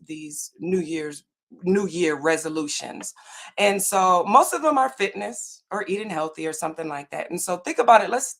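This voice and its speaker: A woman's voice: fairly low pitch, creaky, a bit bright. A woman giving an earnest, faith-based motivational talk on a video call, often checking in with "right?" and "okay?". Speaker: summit speaker.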